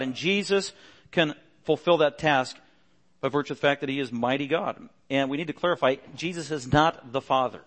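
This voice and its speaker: A middle-aged male pastor preaching a sermon earnestly, pressing harder and louder on key points. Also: medium pitch, normal speed.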